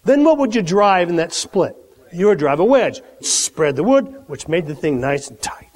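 High-voiced preacher guy, super animated, echoey church hall. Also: slow. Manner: animated, acts out the Bible characters' lines. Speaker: pastor. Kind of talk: sermon. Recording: long hall reverb.

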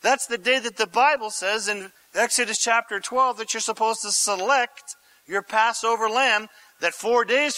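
A male pastor delivering a sermon in a bright, high voice, with an unhurried pace. He swings from hushed, near-whispered lines to excited shouts and keeps throwing questions at his listeners. The sound is dry and close. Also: no echo, low-quality recording. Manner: addresses congregation directly with questions.

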